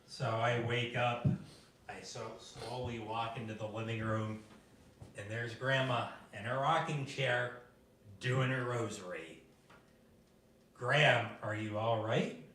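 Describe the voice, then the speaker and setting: A man doing stand-up at an open mic, telling stories in an animated way and jumping into high voices for the people he quotes. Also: unhurried, a little hiss or hum. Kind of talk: stand-up storytelling. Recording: echoey room, from a distance.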